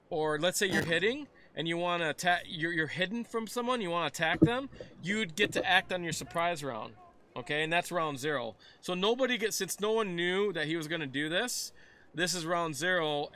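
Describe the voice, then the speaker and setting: A man acting as game master, explaining the rules in a loose, rambling way with lots of fillers. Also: fairly high pitch. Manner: rambling, relaxed, many fillers. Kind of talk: casual tabletop game narration.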